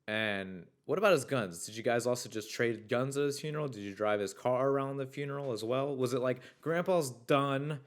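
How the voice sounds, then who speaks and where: A young man hosting a podcast in a casual, chatty way, reading listener stories aloud and riffing on them with excitable, swear-laden enthusiasm. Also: medium pitch, a little fast, few pauses. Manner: excitable, swears freely, riffs loudly on stories. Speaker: podcast host.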